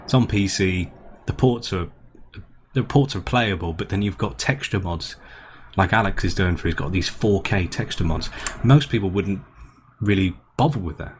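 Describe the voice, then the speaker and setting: A man's voice: sits low, moderate pace, a little hiss or hum. A man co-hosting a gaming podcast in casual chat, rambling and restarting his sentences. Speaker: podcast co-host.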